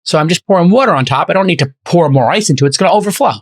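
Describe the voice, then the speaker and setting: A middle-aged man hosting a podcast in casual chat, talking quickly in a somewhat high voice. He tells stories with energy and acts out both sides of each exchange. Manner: animated storyteller acting out both sides of conversations. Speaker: podcast host.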